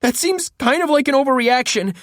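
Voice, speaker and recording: A male narrator playing a terrified young man who begs in a high, cracking voice, swinging wildly in pitch. Close, dry audiobook recording. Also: expressive, a little fast, a bit bright, no room sound. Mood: pleading. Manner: desperate pleading, cracking high.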